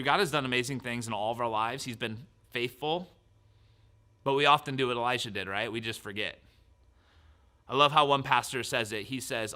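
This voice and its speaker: Pastor guy preaching, bright clear voice, goes loud then real soft. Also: medium pitch. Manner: animated preaching that drops to soft whispers. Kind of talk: sermon.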